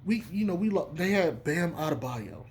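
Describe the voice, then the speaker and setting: Animated, emphatic man talking basketball. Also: a little high, moderate pace, slight background noise. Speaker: sports commentator. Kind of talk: casual sports opinion talk.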